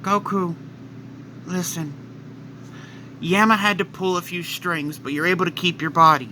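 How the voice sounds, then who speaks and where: A wise older male deity, voiced by a man, gently explaining like a mentor. The voice is lifted and bright, with a faint noise underneath. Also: sits high, steady tone, unhurried, exaggerated voice. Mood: gentle.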